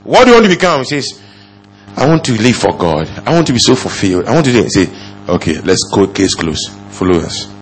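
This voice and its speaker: A male pastor preaching a sermon, firing off rhetorical questions and swinging from low murmurs to loud exclamations. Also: very animated, brisk, slight background noise.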